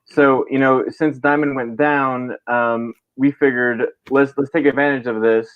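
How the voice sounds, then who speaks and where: A man's voice: medium pitch, steady tone, unhurried, clear, resonant tone, dry recording, lo-fi sound. A man appearing as a guest on a casual livestream, explaining things in a laid-back way with many fillers. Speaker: comic creator guest.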